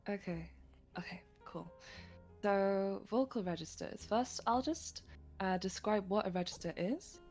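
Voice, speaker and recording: A woman's voice: medium pitch, unhurried, darkish tone, faint music behind. A woman teaching singing technique on a livestream, explaining step by step with frequent light laughs. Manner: patient, giggly, explains step by step.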